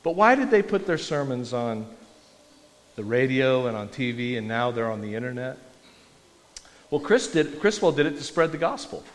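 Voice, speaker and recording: A man's voice: medium pitch, sing-song, moderate pace. A man preaching a conversational, self-deprecating sermon in a church. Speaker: pastor. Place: church sanctuary. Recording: long reverb of a large hall.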